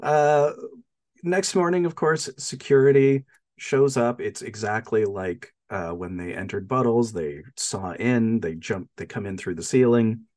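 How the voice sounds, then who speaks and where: A man's voice: fairly low pitch, measured pace, a little mellow. A man co-hosting a podcast, recapping a movie in casual chat, telling it with animation, laughing often and using lots of fillers. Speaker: podcast co-host.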